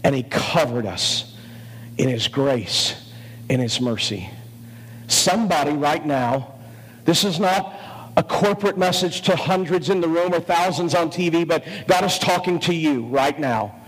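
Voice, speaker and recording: Slow, earnest male pastor in a hall. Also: on the high side, lively intonation, husky. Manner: earnest, pleading, short phrases with pauses. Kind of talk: sermon. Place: large auditorium. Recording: long hall reverb with faint music.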